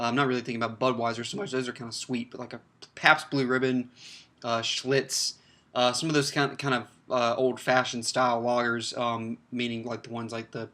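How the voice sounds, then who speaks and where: A man's voice: medium pitch, sharp tone. A man giving a casual, rambling beer review, full of fillers and restarts. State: slightly choked up, clears throat.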